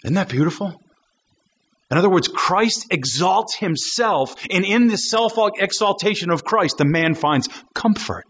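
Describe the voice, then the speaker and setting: Man, preaching, high-pitched, husky, emphatic, rhetorical questions, muffled lo-fi sound. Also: expressive, measured pace, fairly bright tone. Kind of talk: sermon.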